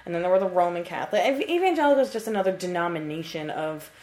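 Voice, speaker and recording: A woman's voice: fairly low pitch, expressive, rapid-fire, darkish tone, a little hiss or hum. A woman in her twenties co-hosting a casual podcast chat, telling a story in a chatty way and swearing freely. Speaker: podcast co-host. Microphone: computer mic.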